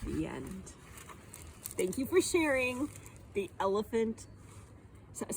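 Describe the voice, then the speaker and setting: A woman library director reading a children's storybook aloud in an expressive, animated way. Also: medium pitch, slow, long pauses, a little hiss or hum.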